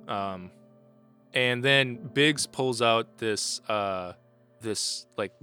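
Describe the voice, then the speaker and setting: A man running a tabletop role-playing game, narrating in a relaxed way with many fillers. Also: on the low side. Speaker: game master.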